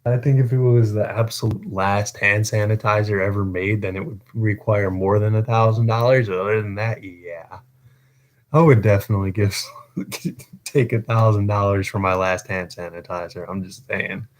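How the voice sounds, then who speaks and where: A man's voice: fairly low pitch, steady tone, normal speed. Chatty man reading aloud on a stream. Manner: stumbling, chatty, laughs between passages. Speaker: livestreamer reading a novel aloud. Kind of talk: casual read-aloud livestream.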